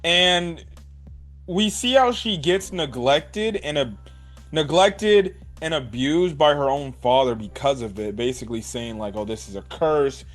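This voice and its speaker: Man, casual anime episode recap, slightly higher voice, animated, faint music under. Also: unhurried. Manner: animated, swears, many "like"s and "right?". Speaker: anime reviewer.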